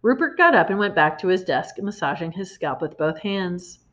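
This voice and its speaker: A woman reading a children's storybook aloud in an expressive way, in a slightly muffled recording. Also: lowish voice, moderate pace. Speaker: reader.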